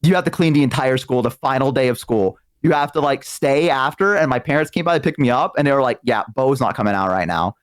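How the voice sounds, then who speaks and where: A man from the American South, a streaming guest, tells stories in casual chat, swearing freely and acting out each person's voice. He talks fast with few pauses in a medium-pitched, clear, resonant voice, recorded close and dry with no echo.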